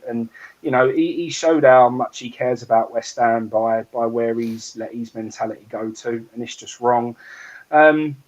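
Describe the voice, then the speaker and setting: A man's voice: medium pitch, dull audio. A man giving blunt, emphatic criticism in a post-match fan discussion. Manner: blunt, emphatic, cutting verdicts. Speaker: fan channel co-host.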